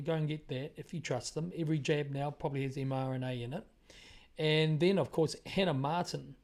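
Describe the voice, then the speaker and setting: A man's voice: fairly high pitch, darkish tone. A man with a New Zealand accent hosting his own commentary broadcast, speaking emphatically and repeating phrases for effect. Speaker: independent broadcaster, show host. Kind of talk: monologue commentary on current events.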